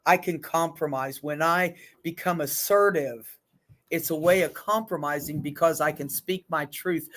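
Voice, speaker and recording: A woman leading a group session on stress, talking frankly and in a lively way, with blunt asides. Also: low-pitched. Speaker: group facilitator.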